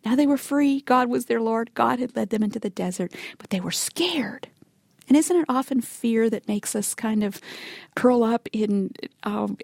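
A woman preaches with earnest emphasis. Her voice sits a touch high and sounds dry and close to the mic. She acts out quoted complaints and now and then drops to a whisper to make a point. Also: gravelly, a little mellow, dry recording. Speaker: Bible teacher. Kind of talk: sermon.

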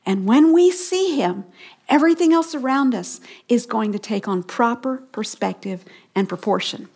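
A middle-aged woman giving a Bible teaching on a radio program, leading listeners in slow call-and-response repetitions of key phrases. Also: a little high, expressive, a little mellow.

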